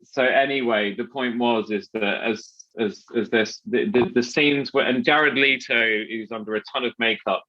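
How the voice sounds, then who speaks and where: A man hosts a podcast in loose, rambling chat, stumbling and restarting as he goes. His voice sits at an ordinary pitch. The recording is a little dull and lo-fi. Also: moderate pace, few pauses, bright, forceful tone. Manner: chatty, rambling with many restarts and fillers. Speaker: podcast host.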